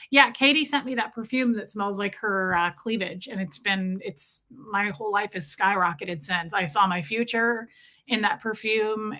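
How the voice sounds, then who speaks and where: A woman's voice: medium pitch, pushed and bright. A woman in her forties with an American accent, hosting a live stream in a chatty, sarcastic way and reading out viewer comments. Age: 40s. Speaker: livestream host.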